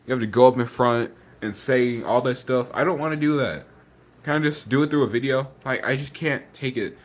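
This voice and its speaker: A teenage boy vents in a casual vlog, words tumbling out in a rush and circling back on themselves. He sounds a little out of breath and thoroughly exasperated, with a voice sitting at an ordinary pitch for his age. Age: teens. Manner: rushes words out, exasperated and repetitive. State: slightly out of breath. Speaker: vlogger.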